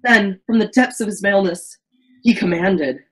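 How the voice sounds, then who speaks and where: A woman's voice: medium pitch, moderate pace, low-quality recording. A woman reading the narration of an amateur virtual stage play in a melodramatic way, often stumbling and restarting lines.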